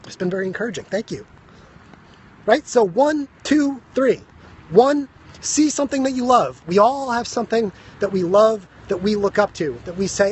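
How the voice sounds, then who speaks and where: A man giving a fast, emphatic motivational talk on a phone live stream, out of breath, and he keeps asking "right?". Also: sits high, expressive, breathy edge. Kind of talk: energetic motivational talk to viewers. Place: high school grounds.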